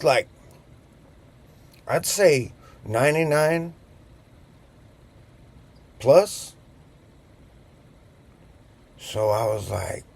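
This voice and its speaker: A man's voice: on the high side, gravelly, darkish tone. A man in his fifties telling a rambling, jokey anecdote in a casual, digressive way. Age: 50s. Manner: chatty, digressive, jokey asides. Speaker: vlogger. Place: on a boat.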